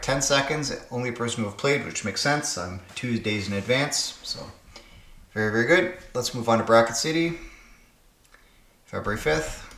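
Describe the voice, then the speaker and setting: In an echoey room, a man with a mid-range voice and sharp tone hosts his own puzzle channel. He thinks aloud and mutters to himself while solving word games in casual solo commentary.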